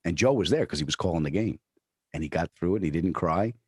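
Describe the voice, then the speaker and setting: Low-pitched, animated and quick, his darkish, slightly rough voice comes through a dry, studio-quality recording. The New York comedian chats casually as an interview guest, restarting often as he tells stories and acts out what people said.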